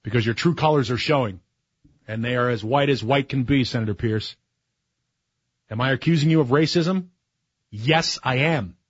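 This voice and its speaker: A man's voice: mid-range voice, normal speed, long pauses, slightly rough, dry recording, dull audio. A man in his forties, a talk radio host, speaking in a sarcastic, opinionated monologue that builds to heated emphasis. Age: 40s. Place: radio studio.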